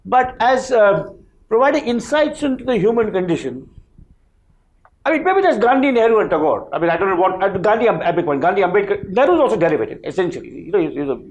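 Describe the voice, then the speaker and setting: A man speaking on a panel discussion, talking in a halting way with frequent restarts and fillers. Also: high-pitched, sing-song.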